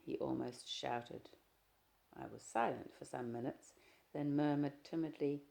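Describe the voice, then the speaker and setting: A woman narrating a novel in the first person, measured and expressive. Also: a bass voice, vocal fry. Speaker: audiobook reader. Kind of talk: literary audiobook narration.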